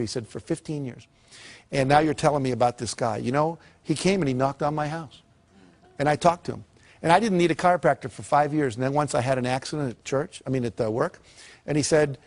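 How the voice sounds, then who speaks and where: An older man giving a motivational talk and telling lively stories, acting out the people in them. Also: medium pitch. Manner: lively storyteller who acts out quoted characters. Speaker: motivational speaker.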